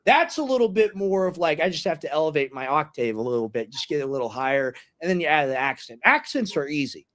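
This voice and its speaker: A young man with an American accent hosting a podcast in casual, animated chat with mocking asides. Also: on the high side, fast. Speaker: podcast host.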